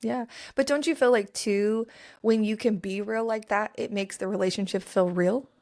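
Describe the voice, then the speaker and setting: A woman's voice: mid-range voice, moderate pace. Emotional woman pastor hosting a podcast. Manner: expressive, emotional, encouraging. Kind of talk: casual faith conversation.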